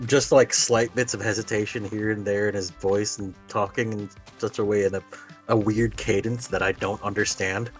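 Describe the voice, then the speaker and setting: Give me a man with a fairly low voice chatting on a stream, animated and profane, rambling and laughing through his points. Faint game music sits behind him. His delivery should stay loose and unpolished. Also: moderate pace. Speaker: stream guest player. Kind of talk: casual voice chat on a livestream. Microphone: voice chat.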